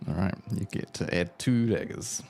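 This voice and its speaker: A man's voice: sits low, moderate pace, creaky, darkish tone, faint music behind. A man narrating a tabletop game as game master, in a casual, rambling way with many fillers.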